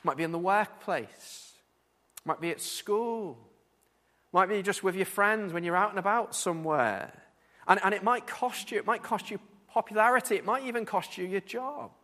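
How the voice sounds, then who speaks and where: Man preaching a sermon, earnest, stumbles and repeats words, high-pitched, long hall reverb. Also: normal speed, pushed and bright. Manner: earnest, repeats words while building points.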